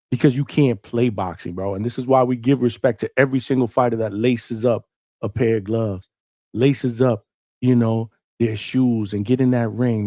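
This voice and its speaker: A man's voice: mid-range voice, dark tone, no echo, clean studio sound. Laid-back, profane male stream host. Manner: laid-back, profane, fills lines with "man" and "bro". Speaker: host of a boxing call-in show. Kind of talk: casual live-stream monologue.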